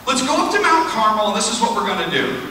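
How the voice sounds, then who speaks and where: A man's voice: extremely high pitch, big pitch swings, fast, bright, forceful tone, a little hiss or hum, full character voice. A man preaching voices a bold prophet in a breezy, offhand, teasing manner. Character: bold, taunting male prophet, casual and cocky. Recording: echoey hall, speaker far from mic.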